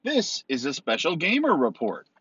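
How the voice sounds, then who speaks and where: A man's voice: on the high side, wildly swooping pitch, normal speed, fairly bright tone, slightly rough, no echo. A man hosting his own podcast, talking casually and rambling with many ums and restarts. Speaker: podcast host. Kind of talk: casual solo podcast talk. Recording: dull, dry recording.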